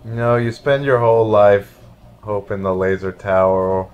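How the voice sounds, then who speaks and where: A man's voice: on the low side, steady tone, normal speed, clean tone, dull audio. Goofy man joking through gameplay. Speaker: let's play co-host. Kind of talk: casual gameplay banter.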